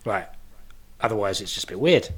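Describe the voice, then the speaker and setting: Sardonic, low-voiced man riffing on puns. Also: animated, a little fast, slight background noise. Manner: dry, sardonic, swears, makes wordplay jokes. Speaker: podcast co-host. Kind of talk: casual film-discussion chat.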